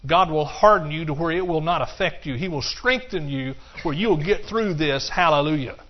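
A man preaches in a church, swinging between quiet explanation and emphatic cries of hallelujah. His voice sits a little higher than usual for a man. The recording is muffled and lo-fi. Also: normal speed. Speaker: pastor. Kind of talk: sermon.

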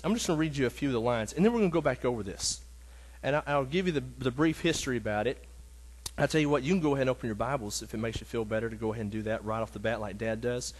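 A man leading a casual Bible lesson in a mid-pitched voice. He talks in a halting, earnest way, full of fillers and restarts, with feeling close to the surface. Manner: earnest and emotional. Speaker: Bible study teacher.

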